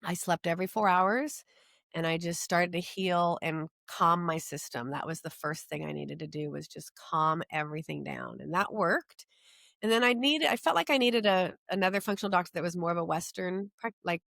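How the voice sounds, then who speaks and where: A woman's voice: lowish voice, vocal fry, a bit bright, dry recording, studio quality. Earnest woman telling a personal story. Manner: earnest, emotional, halting with restarts. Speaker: guest.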